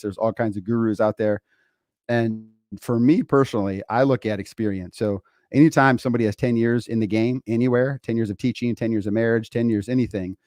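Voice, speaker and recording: A man's voice: fairly low pitch, a little mellow, no echo, studio quality. A middle-aged man hosting a motivational podcast, talking conversationally and preaching with rhetorical questions and fillers. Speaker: podcast host and coach.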